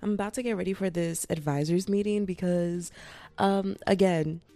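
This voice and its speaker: A young woman in her twenties rambles to her podcast listeners from bed, sounding tired. Her voice sits low with a gravelly fry and a mellow, dark tone, and the sound is dry and close. She talks loosely and swears freely. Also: steady tone, normal speed, no echo, soft background music. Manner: loose, profane, acts out voices in quotes. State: fatigued. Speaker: podcast host. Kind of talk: casual chatty podcast monologue. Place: lying in bed indoors.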